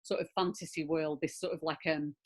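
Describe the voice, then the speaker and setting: A middle-aged actress in a conversational interview, telling animated anecdotes with frequent laughter. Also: female voice, low voice, fairly quick.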